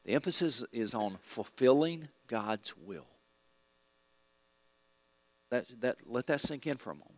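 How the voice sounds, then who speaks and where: A middle-aged man leads a church Bible class. He quizzes the group and says each key point twice. His voice sits at an ordinary pitch, and the sound is dry and close, with little room echo. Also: fairly bright tone. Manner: asks the class questions and repeats key points. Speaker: Bible study teacher. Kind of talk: teaching an evening church class.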